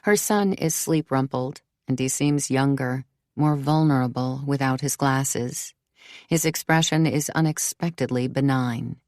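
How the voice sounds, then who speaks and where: A woman narrates an audiobook in a low voice. Her storytelling is measured, even and unhurried. The recording is dry and close, with no room sound. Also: no echo. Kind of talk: scripted narration.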